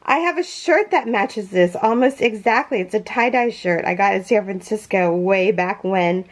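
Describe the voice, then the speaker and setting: A crochet channel host with a medium-pitched voice talks at a moderate pace with few pauses. In a casual unboxing vlog from her home yarn room, she gushes with thanks and is near tears as she opens packages.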